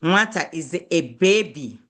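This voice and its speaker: A woman's voice: sits low, animated, measured pace. A woman, an Igbo speaker, teaching a beginner Igbo lesson in English, patiently repeating words and checking that students follow.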